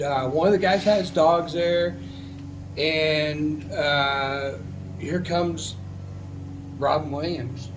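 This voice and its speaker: A man's voice: on the high side, steady tone, takes it slowly, a little hiss or hum, poor audio. A man, a military veteran, telling a personal story in a casual, heartfelt, rambling way, with many restarts.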